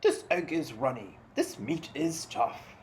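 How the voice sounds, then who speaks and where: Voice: mid-range voice, wildly swooping pitch, slow, a little mellow, slight background noise. Brief: cranky picture-book king, fussy and complaining, voice swooping up and down , read by a storyteller. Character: fussy hungry grumpy king. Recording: roomy echo.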